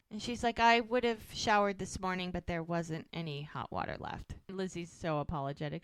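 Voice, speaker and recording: Smooth-voiced woman retelling scenes. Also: mid-range voice, animated, fairly quick, few pauses, fairly bright tone, no echo. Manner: retells scenes acting out characters' lines. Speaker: podcast co-host. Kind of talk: casual recap chat.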